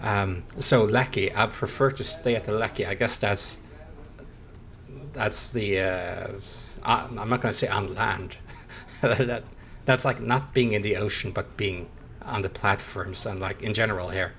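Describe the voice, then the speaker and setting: A man's voice: fairly low pitch, fairly even intonation, measured pace, vocal fry, a bit bright. Chuckly man rambling over a game. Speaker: streamer. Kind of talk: casual gameplay commentary.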